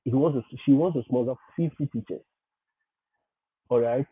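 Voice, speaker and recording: Through tinny, phone-like audio, a man hosting a livestream gives advice in a medium-pitched voice with a breathy edge at normal speed. He talks emphatically, repeats his points, and laughs often.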